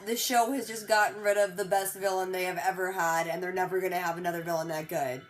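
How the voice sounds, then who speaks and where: A young woman recapping a TV episode in a slangy, excitable way, sounding a bit sick and acting out characters' lines. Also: on the low side, soft background music. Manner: acts out characters' lines in quick voices. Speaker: TV reaction vlogger. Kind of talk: casual recap and reaction.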